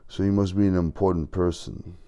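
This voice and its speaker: A man's voice: low-pitched, fairly even intonation, a little fast, warm tone. A man voicing a frightened, tearful young male migrant who asks desperate, pleading questions.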